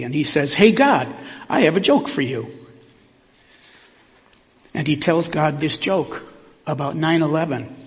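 Reflective pastor preaching in a reverberant church. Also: male voice, fairly high pitch. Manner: measured and reflective, with pauses. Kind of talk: sermon. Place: church sanctuary. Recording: long hall reverb, dull sound.

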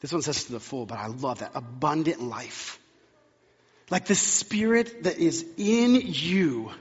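Male pastor, conversational sermon delivery, husky tone, muffled hall recording. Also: fairly high pitch, animated, a little slow. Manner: conversational, emphatic repetition. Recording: long hall reverb, dull sound.

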